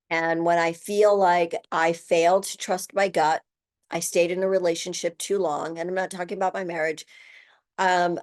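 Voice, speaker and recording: A woman in her sixties talks straight to her listeners in a personal podcast monologue. She is candid and emotional, swears without hesitation, and rushes or slows her words for emphasis. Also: lowish voice, darkish tone. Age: 60s. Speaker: podcast host.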